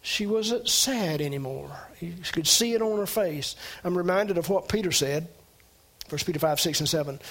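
A man's voice: normal speed, a bit bright. A man pastor preaching a sermon in a conversational way, restarting phrases and lifting his voice on key words. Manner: conversational preaching, rising pitch on emphasis, frequent restarts.

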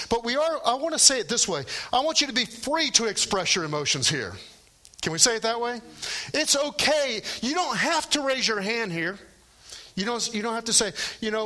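A man's voice: high-pitched, sharp tone. A middle-aged male pastor preaching a sermon in a conversational way, often checking in with rhetorical questions.

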